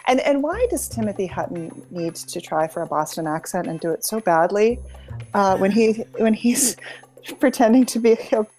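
Over soft background music, a middle-aged woman from New England talks casually about a TV show. Her medium-pitched voice is expressive and mellow, though she speaks haltingly and keeps restarting her sentences.

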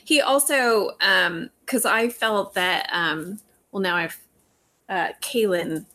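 A woman's voice: medium pitch, takes it slowly, sharp tone. A woman co-hosting a podcast in casual chat, hesitant and thoughtful, with a light laugh. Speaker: podcast co-host.

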